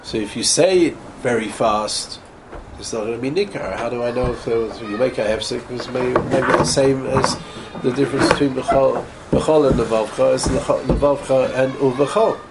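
A man teaching a Torah class, explaining point by point, stumbling and repeating words and sounding out Hebrew words slowly to model careful pronunciation. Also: mid-range voice. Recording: noisy ambient room recording.

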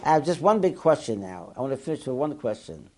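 Male Torah teacher, lively up-and-down delivery, peppers English with Hebrew terms. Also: mid-range voice, fast talker. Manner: animated, asks the listeners rhetorical questions. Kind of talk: Torah class lecture.

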